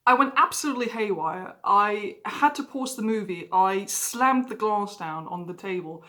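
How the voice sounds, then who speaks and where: A woman speaks to her viewers in a personal, confessional vlog. She talks openly and frankly. Her voice sits at an ordinary middle pitch. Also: normal speed, bright, forceful tone. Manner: candid, emotionally open storytelling. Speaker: vlogger.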